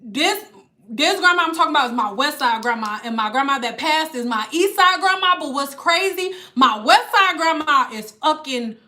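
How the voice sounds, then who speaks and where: A woman telling a story on a casual vlog, animated and profane, with laughing asides. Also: high-pitched, normal speed. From Detroit. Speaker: vlogger.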